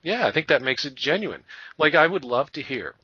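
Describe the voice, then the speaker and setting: A man from Canada hosting a podcast, telling rambling, animated stories in a casual chat. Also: fairly high pitch, a little fast, breathy edge, no room sound, lo-fi sound. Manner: rambling, animated storyteller who breaks into funny voices. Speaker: podcast host.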